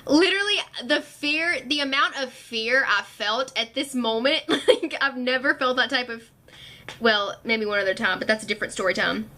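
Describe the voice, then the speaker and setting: A young woman telling a storytime vlog, animated and full of fillers, acting out what others said. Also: on the high side, normal speed. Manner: animated, filler-heavy retelling, acting out quotes. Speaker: vlogger.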